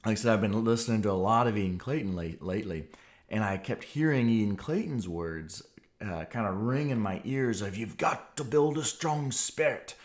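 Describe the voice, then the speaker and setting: A man in his forties, a podcast host, earnestly telling a personal testimony in an animated way. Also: lowish voice, moderate pace.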